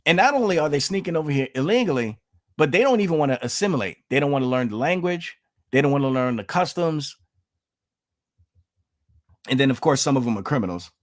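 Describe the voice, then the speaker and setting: A man's voice: a little high, expressive, fairly quick, pauses often. A man from the United States giving emphatic political commentary on his vlog, repeating himself and addressing viewers as folks.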